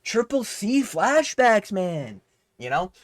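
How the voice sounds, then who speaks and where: A man hosts a casual fight breakdown vlog, ranting in a heated, profane way. His voice sits a little high for a man. The sound is dry and close. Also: very animated, takes it slowly, no room sound. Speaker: host.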